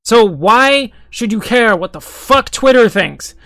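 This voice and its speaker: A man's voice: very high voice, lively intonation, slow, pushed and bright, dry recording. A young man giving a sarcastic, profane, exasperated running commentary as an online commentator. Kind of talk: ranting commentary.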